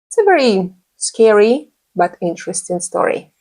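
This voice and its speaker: A woman teaching a beginner English lesson, speaking slowly and repeating each phrase carefully. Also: medium pitch, sing-song, darkish tone.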